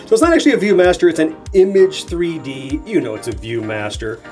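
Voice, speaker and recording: A man's voice: on the high side, expressive, fairly quick. A man in his forties hosting a nostalgia channel, chatting enthusiastically while unboxing and thinking aloud. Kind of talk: casual unboxing narration. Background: soft background music.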